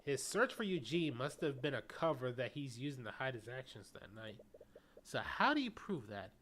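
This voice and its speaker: A man's voice: medium pitch, very animated, normal speed, a bit bright, slight background noise. A man streaming a game, chatting casually and cracking jokes while he reads dialogue aloud. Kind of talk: casual game playthrough chat.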